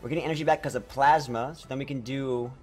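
Man, game streamer, mid-pitched, talks to chat, stumbles on words, faint music behind. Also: fast talker. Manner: excitable, talks to chat, trips over words. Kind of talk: live gameplay commentary.

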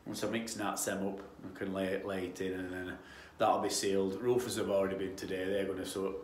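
A man with a Yorkshire accent talks through a repair job in a lowish voice, chatty and rambling, often restarting his sentences. He sounds like a tradesman explaining his work on site. The room around him is echoey, with faint ambient noise behind. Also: level tone, a little fast. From Yorkshire, England. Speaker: damp-proofing tradesman.

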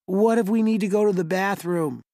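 A man voicing a quiet, curious boy in an audiobook. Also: sits high, normal speed, no echo, studio quality, voice pushed up. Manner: hushed, curious. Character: boy, quiet and thoughtful twin brother.

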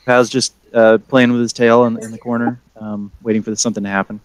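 Brief: young male game master, mid-pitched, casual and halting, dry close sound. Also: level tone, no room sound. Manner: casual, halting with many fillers. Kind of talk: narrating a tabletop game.

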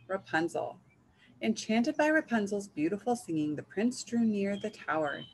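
A woman reading a picture book aloud in a gentle, measured storytelling manner. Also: medium pitch, sing-song, slight background noise, rough recording. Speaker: reader.

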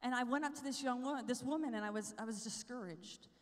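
A young woman giving a lively, chatty preaching talk at a youth conference, often checking in with the crowd. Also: on the high side, fast talker. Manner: energetic, chatty, asks the crowd "right?" often. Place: large conference hall with a live crowd. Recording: live talk in a big reverberant hall.

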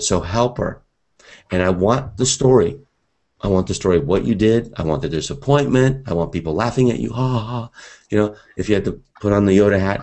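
A seminar teacher with a very low, slightly mellow voice leads a live session before a room of students. He's energetic and conversational, addressing his listeners directly in a loose way.

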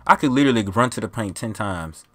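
Animated, exasperated trash-talking young man. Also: lowish voice, fast. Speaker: gaming channel host. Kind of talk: casual gameplay chat over voice chat.

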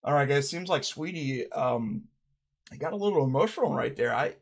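A man hosting a comedic mock interview, talking low and deadpan with hesitant restarts. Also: moderate pace, vocal fry, husky. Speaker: parody interviewer.

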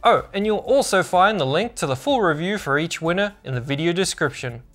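A man's voice: sits high, expressive, a little fast, a bit bright, soft background music. A man narrating a scripted product review as a tech channel host, upbeat and informative.

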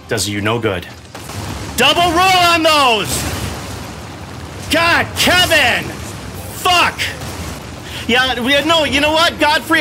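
Middle-aged dad gamer, lively up-and-down delivery, cussing at himself mid-fight at home. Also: male voice, a little high. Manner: frustrated, swears a lot, talks to himself. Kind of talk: casual gameplay commentary. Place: home room.

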